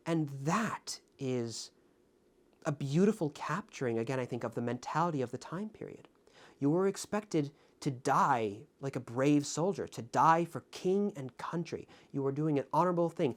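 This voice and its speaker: A man hosting his own film review video, talking to camera in a reflective, halting way with many fillers and restarts, earnest and openly moved. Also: a little high, lively intonation. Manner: ornate formal sign-off. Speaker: film review channel host. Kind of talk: casual spoken film commentary to camera. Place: indoors in front of a camera.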